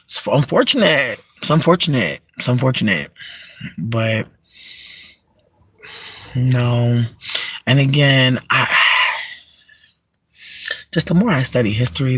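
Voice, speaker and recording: Unhurried and broken by long pauses, this in-car livestream rant has a breathy edge. The streamer swears a lot, mutters low, then erupts in shrieking laughter. There's no echo.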